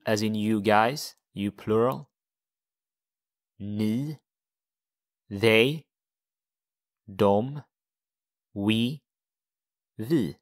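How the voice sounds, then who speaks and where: A man teaching a language lesson step by step, patiently repeating phrases for learners. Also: lowish voice.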